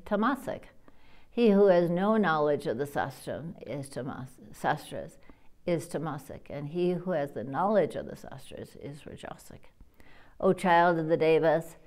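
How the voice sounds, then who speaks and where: A woman reading aloud as a stern old male sage who lays a curse, in a solemn, measured scripture reading. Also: low voice, darkish tone. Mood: preaching.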